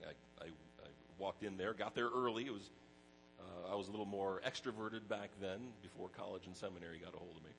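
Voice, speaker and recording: A middle-aged pastor preaching a sermon in a conversational way, mixing personal stories with scripture. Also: male voice, low-pitched, a bit bright, slight background noise, rough recording.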